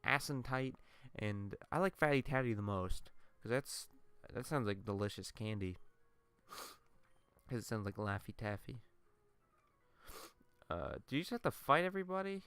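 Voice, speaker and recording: A man's voice: mid-range voice, animated, measured pace, pauses often, a bit bright, clear, resonant tone, dry recording. A tired man giving casual gameplay commentary, telling a rambling, profane story full of tangents. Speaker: let's play gamer.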